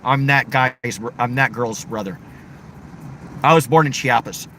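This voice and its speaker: Unhurried and a bit bright, a medium-pitched male voice carries a late-night livestream, with slight background noise present. The young man reads viewers' comments aloud in different voices, joking and playful throughout.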